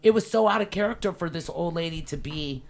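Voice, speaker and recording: A woman's voice: fairly low pitch, quick pace, vocal fry. A woman in her fifties, a podcast co-host, telling stories in casual chat and swearing freely. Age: 50s. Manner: animated storyteller, swears freely.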